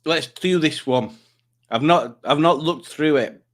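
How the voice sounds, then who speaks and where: A man's voice: a little high, unhurried. A man hosting a quiz livestream in a rambling, self-mocking, jokey way. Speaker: quiz stream host. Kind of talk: casual livestream chat.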